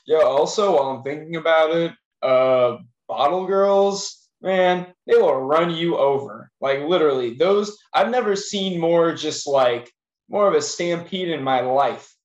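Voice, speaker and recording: A man's voice: on the high side, expressive, a little slow. A laid-back man co-hosting a podcast and telling stories in a casual, easygoing way. The recording sounds roomy, with a dull, lo-fi tone. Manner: laid-back storytelling with frequent laughs. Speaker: podcast co-host. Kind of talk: casual chat.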